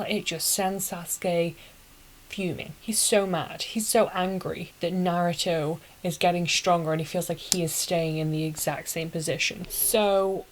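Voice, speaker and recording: A woman's voice: lowish voice, slight background noise, rough recording. A young woman hosting a casual anime recap, talking in a chatty, slangy, opinionated way.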